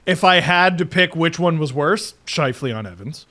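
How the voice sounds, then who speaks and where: A man's voice: on the high side, animated, bright, forceful tone. Joking, swearing podcast co-host man. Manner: joking, swears freely, quick retorts. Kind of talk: casual podcast chat.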